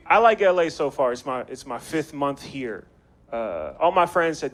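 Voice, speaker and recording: A man's voice: fairly high pitch, moderate pace. A young man performing a stand-up comedy set in a small bar, with loose, chatty slang and banter with the crowd. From Maryland, USA. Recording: live bar set with noticeable background noise.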